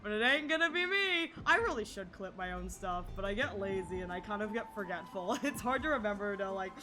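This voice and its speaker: A woman's voice: medium pitch, expressive, fairly quick, music in the background. A young woman streamer chatting casually to her viewers, giggly and rambling. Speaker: game streamer. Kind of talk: casual live-stream chat.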